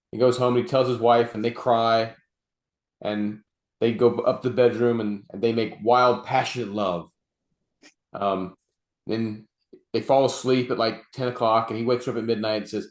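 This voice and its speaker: A man's voice: mid-range voice, little pitch movement, normal speed, roomy sound. A man co-hosting a podcast in casual chat, telling jokes in a laid-back way. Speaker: podcast co-host.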